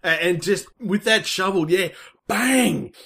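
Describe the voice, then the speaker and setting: A man casually retelling a film's plot in a rambling, excitable way, full of fillers and restarts. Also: sits high, measured pace. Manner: excitable storytelling. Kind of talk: casual film recap chat.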